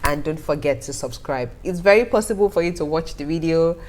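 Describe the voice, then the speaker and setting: Animated woman vlogging. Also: sits low, brisk, slight background noise. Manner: animated, laughing often, talking straight to viewers. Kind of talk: casual storytelling to camera.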